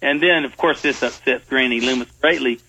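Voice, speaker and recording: A man, a commercial music producer, telling stories in an interview in an animated way, often laughing. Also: mid-range voice, fairly quick, a little hiss or hum, poor audio. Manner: animated, laughing storyteller with frequent fillers. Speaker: guest, jingle producer. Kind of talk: storytelling interview.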